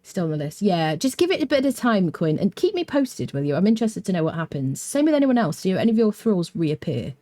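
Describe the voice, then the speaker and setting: A woman's voice: mid-range voice, very animated, brisk, hardly any pauses, dark tone, no echo. A British woman with a mixed accent and a touch of Welsh, chatting casually while streaming a game, thinking aloud, humming and answering viewer chat. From Britain.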